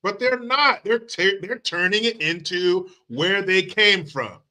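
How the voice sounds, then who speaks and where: A man's voice: high voice, a little slow, bright, forceful tone. A man hosting a commentary show, ranting in a heated, sarcastic and profane way. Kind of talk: profane political rant.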